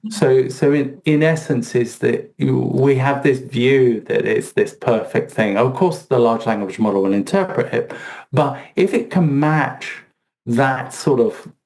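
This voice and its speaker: A man's voice: medium pitch, measured pace, creaky, darkish tone. A man speaking as a podcast guest, rambling with lots of fillers and restarts. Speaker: podcast guest, SEO expert. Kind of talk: casual conversational interview.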